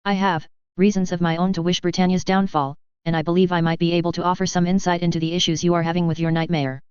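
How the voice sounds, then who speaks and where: A reader doing a calm young ex-pilot. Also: mid-range voice, fast, smooth, no echo, lo-fi sound, lightly acted. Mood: composed. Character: calm, determined young Japanese ex-pilot man.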